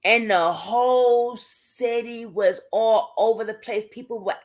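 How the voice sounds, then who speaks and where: A young woman with a Brooklyn, New York accent hosts a casual advocacy livestream, speaking to viewers by name with emphasis and indignation. Her voice is on the high side, and she keeps a measured pace.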